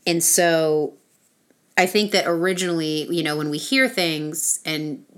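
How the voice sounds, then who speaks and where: Low-voiced woman explaining research casually. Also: measured pace. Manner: explains studies in long run-on sentences with fillers and restarts.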